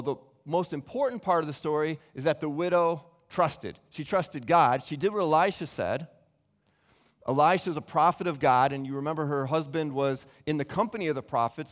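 Male preacher, earnest teaching tone with frequent restarts, slightly high voice, reverberant room. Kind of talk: Bible teaching sermon.

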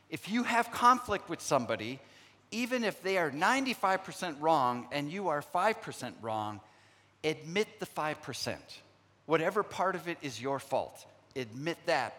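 Middle-aged male preacher, slightly high-pitched, earnest storyteller, long hall echo. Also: fairly bright tone. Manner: storytelling, acts out remembered dialogue; earnest, frequent pauses and restarts. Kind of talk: sermon.

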